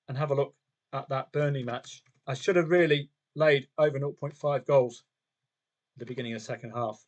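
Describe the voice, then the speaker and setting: A man talks through live football odds on a members' stream, casual and conversational. He poses rhetorical questions to viewers and mutters asides to himself. His voice sits a little higher than most men's. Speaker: football trading livestream host. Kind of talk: casual live commentary on matches and bets.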